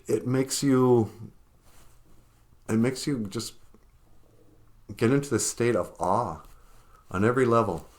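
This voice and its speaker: Slow-talking, emotional man vlogging. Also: mid-range voice, darkish tone. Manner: emotional, gets choked up; rambling, laughs often. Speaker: vlogger host. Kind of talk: casual vlog commentary.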